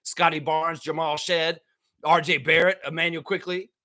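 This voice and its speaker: A man hosting a sports show, ranting heatedly in casual, profane talk and often shouting. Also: fairly high pitch, level tone, normal speed. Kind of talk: casual fan rant.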